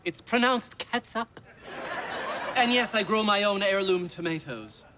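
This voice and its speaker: Smug foodie chef, lively pitch. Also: male voice, measured pace, heavily acted. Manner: smug and pompous. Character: pompous snobbish gourmet food truck chef, man. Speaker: food truck chef. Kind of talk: sitcom acting. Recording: background noise.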